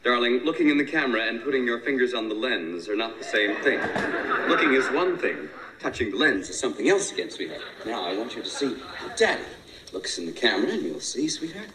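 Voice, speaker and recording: An actor playing a fussy, finicky photographer in a 1970s sitcom, scolding with sugary pet names. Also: male voice, mid-range voice, big pitch swings, brisk, bright, forceful tone. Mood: fussy nagging. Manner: prissy, scolding, over-sweet pet names. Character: fussy, finicky male photographer, nagging and condescending. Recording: roomy TV audio from a distance with a studio audience.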